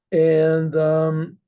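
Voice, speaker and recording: A rabbi telling a story in a rambling way, with many fillers and frequent throat clearing. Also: male voice, on the high side, phone-quality sound. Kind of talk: storytelling talk.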